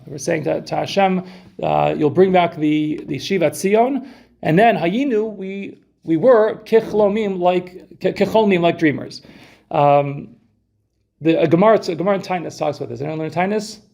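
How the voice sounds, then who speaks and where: Speaking with a fairly high, dark voice with vocal fry, a man leads an informal Torah class. He's conversational, restarts often and puts questions to the group.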